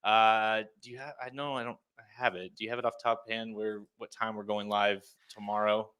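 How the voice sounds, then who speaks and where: Man, 30s, podcast co-host, bright tone, casual rambling chat, frequent laughs. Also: lowish voice, little pitch movement, moderate pace, clean tone. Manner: laughs often, loose rambling talk.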